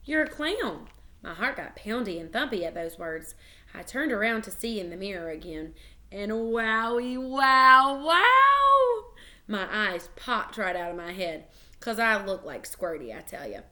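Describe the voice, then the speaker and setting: A woman reading a children's book aloud, expressive and animated, with small slips and restarts. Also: lowish voice, normal speed. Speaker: reader.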